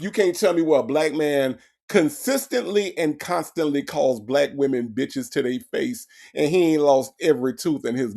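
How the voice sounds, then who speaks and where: A man hosting a casual comedic commentary, animated and talking back to his chat. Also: mid-range voice, creaky. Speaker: commentary host.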